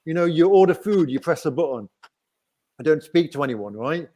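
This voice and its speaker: Chatty Nottingham man, slightly high voice. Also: lively intonation, normal speed, dark tone. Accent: Nottingham English. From England. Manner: chatty, rambling with frequent "right?". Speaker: host. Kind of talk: casual livestream chat.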